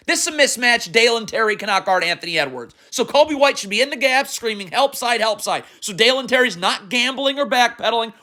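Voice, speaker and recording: A man's voice: sits high, bright, forceful tone. A man angrily breaking down basketball game film, alternating between furious rants and instructive coaching explanations. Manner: furious, ranting, exasperated. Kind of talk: angry film-study commentary.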